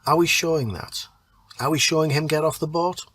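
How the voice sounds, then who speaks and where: A man teaching creative writing. He reads a draft story aloud and then rewrites it, thinking aloud and pausing over words as he edits. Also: a little high, fairly bright tone, slightly rough. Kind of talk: reading a draft aloud and editing it. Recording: keyboard typing audible behind voice.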